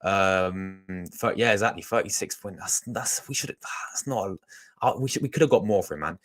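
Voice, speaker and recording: A man's voice: low-pitched, moderate pace, fairly bright tone. A young man, chatting casually to his live-stream audience as a fan channel host, rambling with lots of restarts. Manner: rambling, chatty, talks to chat, restarts a lot.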